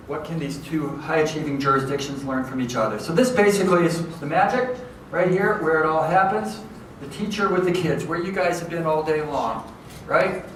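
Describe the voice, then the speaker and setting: A man giving a lively, conversational lecture to educators, often checking in with his audience. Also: fairly high pitch. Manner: lively, conversational, keeps checking in with "okay?" and "right?". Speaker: education professor giving a talk. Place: large hall with an audience. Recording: echoey hall from far off, faint noise.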